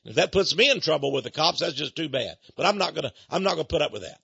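Male radio talk host, high bright husky voice, indignant rants, dull lo-fi sound. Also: very animated, fast talker, no echo. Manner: indignant ranting, swinging between hushed asides and loud outbursts. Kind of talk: opinionated radio commentary.

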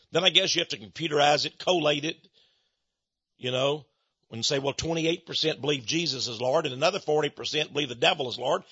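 With a fairly high, slightly rough voice that's pushed and bright, an American man tells a sermon story about Freemasonry from a Christian viewpoint. He animatedly acts out both sides of the conversations he describes. There's no echo, but the audio is dull, muffled and lo-fi.

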